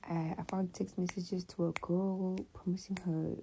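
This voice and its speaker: A woman's voice: lowish voice, normal speed, vocal fry, noisy background. A woman telling a personal story in a casual, slangy, conversational way. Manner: slangy, conversational, animated retelling.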